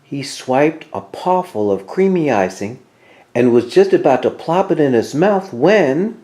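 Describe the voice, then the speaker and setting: A man reading a children's picture book aloud, expressive and animated. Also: fairly high pitch, a little slow. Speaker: storyteller. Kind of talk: children's story read-aloud.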